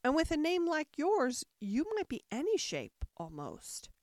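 A woman voicing a pompous, touchy male egg creature in a storybook reading, speaking slowly and emphatically with haughty scorn. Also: sits high, wildly swooping pitch, a little mellow, no echo, clean studio sound, voice pushed up, exaggerated voice.

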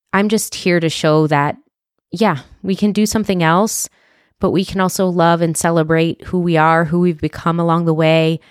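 A woman in her thirties hosting a solo podcast, talking earnestly and from the heart, with restarts and soft laughs. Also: deep voice, clean tone, no room sound, clean studio sound. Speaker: podcast host. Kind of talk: reflective solo podcast monologue.

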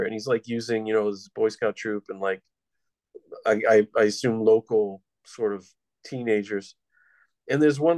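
A man's voice: medium pitch, no echo. A man hosting a casual film-review chat, blunt and sardonic, with some swearing. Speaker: podcast host, film reviewer.

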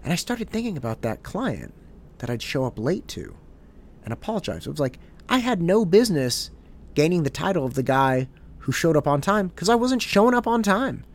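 A man hosting a show, telling a candid, self-deprecating personal story in a relaxed conversational way. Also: a little high, normal speed. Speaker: podcast host. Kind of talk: reflective personal storytelling monologue.

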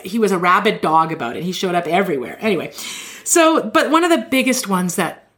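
Brief: woman podcast host, lively storyteller, breaks into laughs, swears casually. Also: mid-range voice, brisk. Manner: animated, laughing, swears freely.

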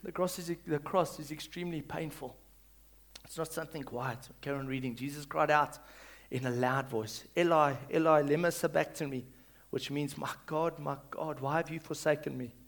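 A male pastor reading scripture and preaching, swinging between loud calls and hushed reading and leading the congregation to repeat after him. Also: a little high, moderate pace, creaky. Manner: leads the congregation in call-and-response.

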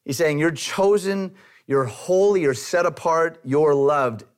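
A man's voice: on the high side, takes it slowly. A man preaching a sermon in a conversational way, with light self-deprecating humor. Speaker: pastor.

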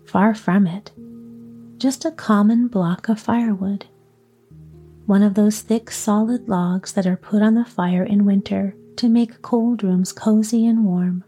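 Female storyteller for children's tales: soft, mellow, unhurried, drops to whispers. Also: mid-range voice, steady tone, slightly rough, soft background music. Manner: soft, slow, partly whispered. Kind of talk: storybook narration.

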